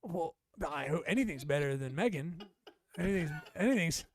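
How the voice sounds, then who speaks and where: A man's voice: fairly high pitch, lively intonation, moderate pace. A young man co-hosting a comedy podcast, teasing his friend with sarcastic, swearing banter and mumbled asides. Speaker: podcast co-host.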